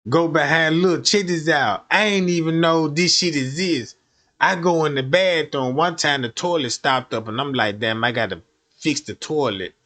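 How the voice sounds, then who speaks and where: Streamer guy, high voice, telling a raunchy story, swears a lot, keeps going "know what i mean". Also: normal speed, a bit bright. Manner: profane, rambling, keeps asking listeners if they follow. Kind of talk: crude comedic storytelling.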